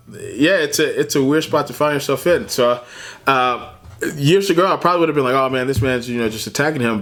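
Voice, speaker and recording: A man talking through a reaction video in an easygoing, chatty way. His voice sits at a medium pitch, and he keeps breaking into laughter and tossing in man and bro as he goes. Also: fairly bright tone, a little hiss or hum. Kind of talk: casual commentary.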